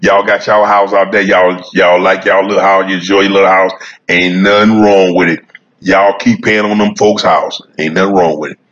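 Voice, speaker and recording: A man's voice: low voice, level tone, moderate pace, fairly bright tone, muffled recording. A man vlogging about cigars, rambling in a folksy, repetitive way and chuckling as he talks straight to his viewers while he smokes outdoors. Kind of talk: casual rambling monologue. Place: sitting outdoors smoking a cigar.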